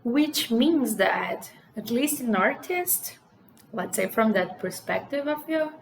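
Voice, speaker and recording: Chatting to camera in English, this young vlogger from Brazil has a Brazilian Portuguese accent and a mid-range voice with vocal fry. She fills her talk with "like" and "you know." Faint ambient noise sits under the echo of the room.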